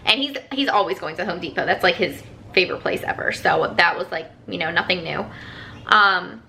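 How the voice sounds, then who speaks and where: A woman vlogger with a fairly low, gravelly voice and a sharp tone tells her viewers a personal story at a moderate pace. It's chatty and rambling, packed with "like" fillers, over slight background noise.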